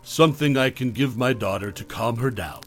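A man's voice: mid-range voice, moderate pace, soft background music, natural voice. Distraught mother at the end of her rope, frantic and exasperated, read by a man.

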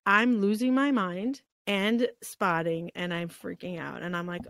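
A woman's voice: lowish voice, brisk, hardly any pauses, dry recording. Woman telling a raw personal story. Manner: emotional, animated retelling with quoted dialogue. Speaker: podcast guest.

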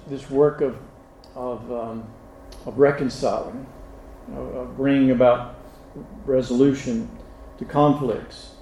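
A man's voice: fairly high pitch, dark tone, roomy sound, poor audio. A male pastor giving a sermon, speaking unhurriedly with frequent restarts and direct questions to the congregation. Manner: unhurried, halting delivery with many restarts and fillers.

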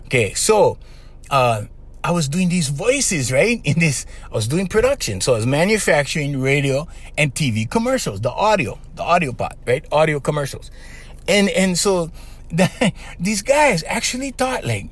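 A man's voice: fairly high pitch, big pitch swings, normal speed, husky. A man, rambling casually as host and often laughing as he talks to listeners. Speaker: host, former radio voice performer.

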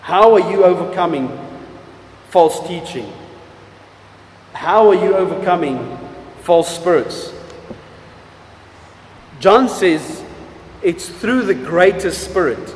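High-voiced man preaching in an echoey hall. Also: lively intonation. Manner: emphatic preaching with wide swings in loudness and pace, drawn-out key words. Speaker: pastor. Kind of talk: sermon. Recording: echoey hall with long reverb.

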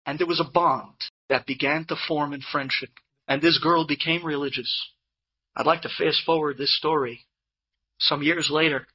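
A man telling an inspirational story to a live audience in an animated way, with Hebrew and Yiddish terms mixed in. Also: fairly high pitch, normal speed, breathy edge, muffled recording. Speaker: Torah speaker telling inspirational stories.

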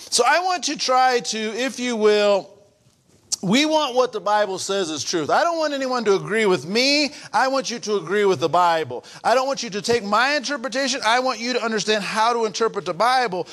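A man's voice: sits high, fairly bright tone. A man preaching a sermon as pastor in a church, earnest and repetitive, building to emphatic outbursts.

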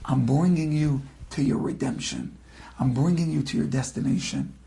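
A man's voice: medium pitch, moderate pace, vocal fry, warm tone. A man retelling an inspirational story, dramatic and building to emotional peaks.

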